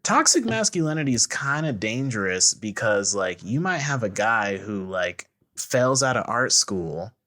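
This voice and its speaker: A man's voice: on the low side, big pitch swings, unhurried, hardly any pauses, pushed and bright. A young man co-hosting a podcast, joking and riffing through casual comedic chat. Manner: joking, riffing, frequent laughs. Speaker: podcast co-host.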